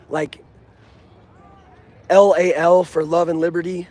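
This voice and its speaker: A man's voice: on the high side, steady tone, measured pace, darkish tone. A young man talking earnestly and casually about his football team, using street slang, recorded outdoors near a stadium. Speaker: sports fan vlogger. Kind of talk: casual fan vlog.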